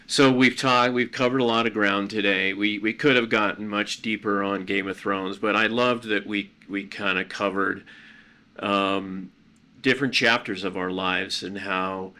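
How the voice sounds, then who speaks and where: Middle-aged male podcast host, casual and hesitant; lowish, bright tone. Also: steady tone, a little slow. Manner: rambling, hesitant, frequent ums.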